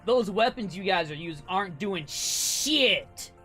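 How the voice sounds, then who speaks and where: A man's voice: high voice, lively intonation, a little slow, sharp tone, faint music behind, heavily acted. A man voicing a brash bandit leader in a cowboy hat for a tabletop game, with a mouthy, swearing drawl. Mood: smug.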